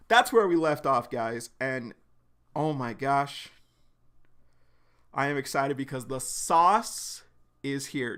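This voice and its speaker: A man's voice: medium pitch, lively intonation, takes it slowly, sharp tone. A young man streaming a live reaction, recapping a comic chapter in a loose, slangy way full of "like" and the odd swear word.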